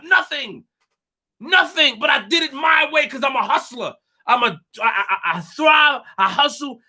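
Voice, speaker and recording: A young man with a very high, piercing voice hosts a live stream in a fired-up rant. He boasts and pushes every point hard, repeats himself, and stumbles over his words as he goes. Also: pushed and bright.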